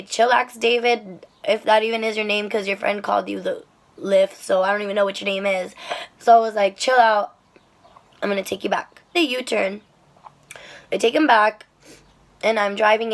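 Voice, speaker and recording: Chatty young woman with a gravelly voice. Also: mid-range voice. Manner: chatty, animated retelling with many fillers and swearing. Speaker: rideshare driver telling a story. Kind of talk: casual storytelling vlog.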